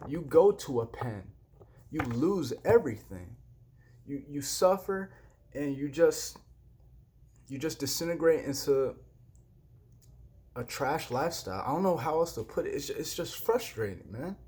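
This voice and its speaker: A man's voice: fairly high pitch, expressive, a little slow, pauses often, darkish tone, a little hiss or hum. A young man giving a frustrated personal rant in a vlog, heated and repetitive, swearing freely. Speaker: vlogger.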